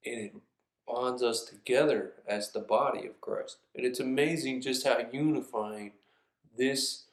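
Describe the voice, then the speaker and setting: Man, preacher, sermon, earnest, reflective, mid-pitched, echoey church room. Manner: earnest and reflective, reads scripture aloud. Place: church sanctuary.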